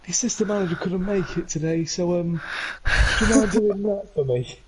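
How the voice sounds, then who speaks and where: A man's voice: high-pitched, normal speed, noisy background, voice pushed up, lightly acted. Man doing a flustered, apologetic football manager. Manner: hesitant and apologetic, full of "um" and "mate". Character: nervous, flustered male youth football manager.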